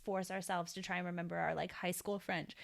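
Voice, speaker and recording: An American woman co-hosting a podcast, talking in an expressive, self-mocking way and swearing casually. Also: fairly low pitch, fairly quick, gravelly. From United States. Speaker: podcast co-host. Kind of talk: casual chat.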